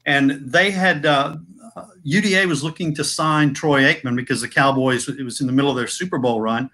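Bright-voiced man recounting his career. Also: a little high. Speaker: former sales manager, guest. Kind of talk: casual roundtable storytelling.

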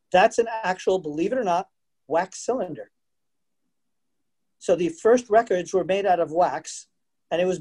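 A man presenting a virtual museum program over a video call, jokey and animated, laughing often and talking directly to the children watching. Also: high-pitched. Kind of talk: interactive virtual presentation for families.

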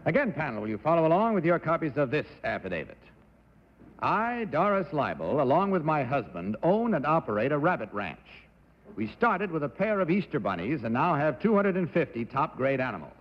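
A man hosting a game show, speaking smoothly and politely to the panel and the contestants. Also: a little high, sing-song, a little fast. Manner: smooth, polite, reads affidavits aloud. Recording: muffled 1960s broadcast audio in a large studio hall.

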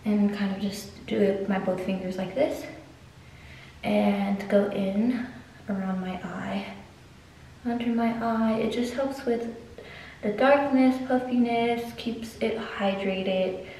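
A woman's voice: medium pitch, steady tone, takes it slowly, mellow, recorded from a distance, a little hiss or hum. A young woman, chatting casually through her skincare routine as a vlogger. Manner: laid-back, talks through each step. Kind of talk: casual chat. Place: hotel room. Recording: very echoey room.

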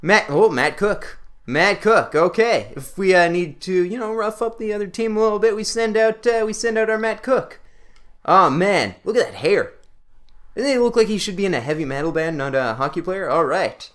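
A young man, giving excitable pack-opening commentary over a hockey video game. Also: high-pitched, normal speed. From Canada. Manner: excitable, yelps and laughs at pulls. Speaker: gaming video creator.

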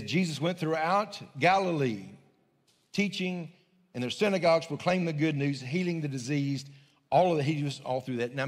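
Pastor preaching in a reverberant church. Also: male voice, on the high side. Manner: folksy, conversational preaching with restarts. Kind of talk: sermon. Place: church sanctuary.

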